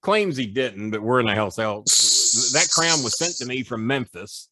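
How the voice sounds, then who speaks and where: Boastful, profane middle-aged storyteller. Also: male voice, medium pitch, animated, a little slow, pushed and bright, dry recording. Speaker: podcast guest, former wrestling manager. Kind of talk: casual storytelling.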